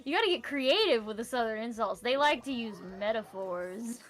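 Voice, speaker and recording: A woman's voice: fairly high pitch, animated, moderate pace, faint music behind. A woman streamer from the American South chatting casually with friends, laughing often and playful. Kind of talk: casual chat.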